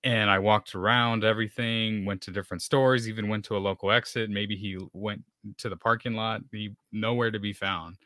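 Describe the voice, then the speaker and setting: A man's voice: fairly low pitch, steady tone, normal speed, sharp tone, no room sound, clean studio sound. A man from Texas sharing a personal testimony as a podcast guest, talking loosely with plenty of fillers. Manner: storytelling with many fillers, acts out dialogue.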